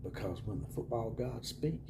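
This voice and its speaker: A man hosting his own college football video channel, talking casually and sarcastically from a room at home, chuckling and sometimes dropping into hushed mock-whispers. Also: on the low side, animated, moderate pace, background noise.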